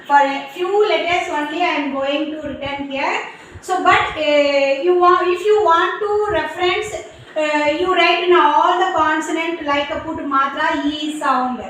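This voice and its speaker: A woman teacher slowly sounding out syllables one at a time, explaining a writing lesson in simple, halting English. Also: high-pitched, a bit bright. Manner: slow, syllable-by-syllable dictation with non-native English phrasing. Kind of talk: classroom lesson on Hindi vowel signs. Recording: very echoey room with faint background noise.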